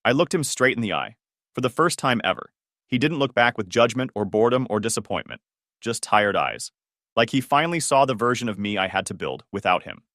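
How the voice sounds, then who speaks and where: Man storyteller, scripted narration, lively pitch, calm measured delivery, dry close sound. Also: no echo.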